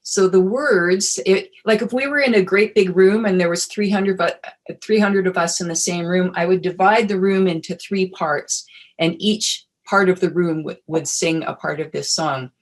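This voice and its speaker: A woman presenting a wellness webinar in a relaxed, casual teaching manner, friendly and chatty with frequent fillers. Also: on the low side, normal speed.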